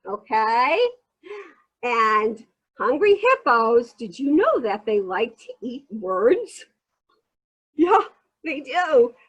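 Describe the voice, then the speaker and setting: A woman demonstrating early reading games to young children in an animated, sing-song teacher voice with excited gasps. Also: high-pitched, slightly rough, low-quality recording.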